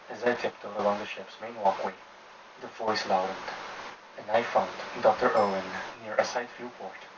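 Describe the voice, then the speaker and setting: Low-voiced man narrating a horror story. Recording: distant mic with steady background hiss.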